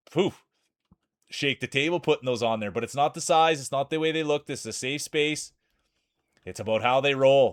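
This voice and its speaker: A man's voice: medium pitch, fairly bright tone. A man with a Canadian accent, streaming and calling a marble race in a playful, hyped sportscaster manner. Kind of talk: mock race commentary.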